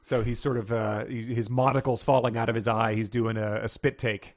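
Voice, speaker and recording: A man's voice: medium pitch, little pitch movement, brisk. A man co-hosting a podcast, reading passages from a book aloud with wry asides and frequent laughter. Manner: laughs often, with wry asides and many fillers. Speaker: podcast co-host.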